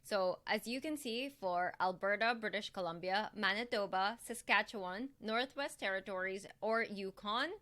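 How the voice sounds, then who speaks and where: A woman's voice: medium pitch, moderate pace, few pauses, pushed and bright. A woman bookkeeper from Canada giving a casual tutorial, reading through lists in a chatty way and apologizing lightly now and then. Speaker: bookkeeper explaining tax filing.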